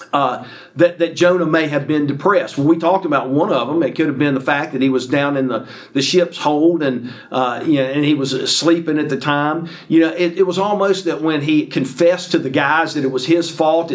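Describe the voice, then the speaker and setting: Conversational male preacher, slightly high voice. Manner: conversational, many fillers and restarts, acts out paraphrased dialogue. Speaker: pastor. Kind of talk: sermon, Bible teaching.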